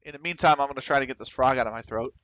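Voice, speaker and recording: A man with a Philadelphia accent giving casual commentary while streaming a game, talking quickly and running his words together, often clearing his throat. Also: medium pitch, a bit bright, no room sound. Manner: fast, runs words together.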